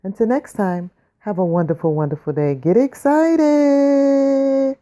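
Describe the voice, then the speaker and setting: Dark-voiced woman giving an upbeat sign-off. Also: fairly high pitch, fairly even intonation. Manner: upbeat, slow, drawn-out farewell. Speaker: beauty vlogger. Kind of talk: video sign-off.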